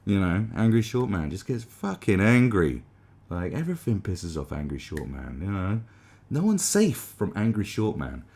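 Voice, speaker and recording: A man's voice: sits low, sing-song, normal speed, a little mellow, slightly rough. A man delivering a sarcastic, rambling comedic monologue as the host of a commentary channel, with frequent restarts.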